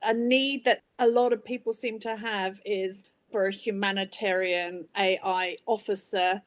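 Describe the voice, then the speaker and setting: A woman's voice: mid-range voice, fairly even intonation, a little slow. A woman hosting an interview, asking conversational questions and encouraging her guest.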